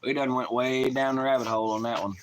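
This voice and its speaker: A man's voice: mid-range voice, little pitch movement, fast, background noise. A man with a Southern US accent chatting casually on a live stream, rowdy and profane, rambling in folksy slang.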